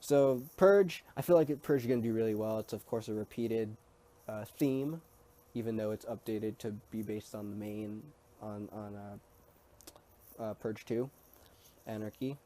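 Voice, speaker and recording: A man's voice: on the low side, unhurried, dark tone. A man vlogging in a casual, rambling way, hesitant and full of ums and restarts. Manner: easygoing and chatty. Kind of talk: casual talk to camera.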